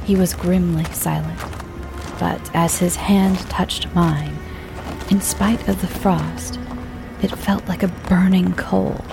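A woman narrating a classic ghost story in a measured, dark way, dropping into whispers for suspense. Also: on the low side, steady tone, vocal fry, music in the background.

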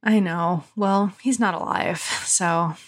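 A woman co-hosting a casual podcast, talkative and easily amused. Her voice sits a little low for a woman, and she slips in plenty of quick asides. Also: steady tone. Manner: chatty, laughing, quick asides. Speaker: podcast co-host.

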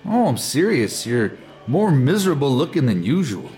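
An actor with a Canadian accent playing a joking, rambling unemployed drinking buddy in a stage play. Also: male voice, mid-range voice, sing-song, moderate pace, darkish tone, soft background music, natural voice. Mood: teasing. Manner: teasing, rambling storyteller.

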